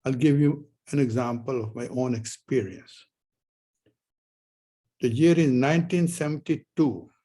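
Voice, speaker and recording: An older male professor lectures a class in a loose, anecdotal way, asking questions and answering them himself. His voice is mellow and a little husky. He wanders through the story with pauses and restarts. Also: mid-range voice, poor audio. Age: 70s. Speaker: university lecturer.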